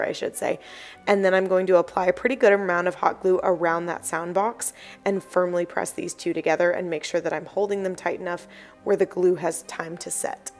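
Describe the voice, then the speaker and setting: Croaky-voiced woman narrating a craft tutorial. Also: fairly low pitch. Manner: chatty, explanatory, apologetic asides. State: croaky morning voice. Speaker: DIY crafts channel host.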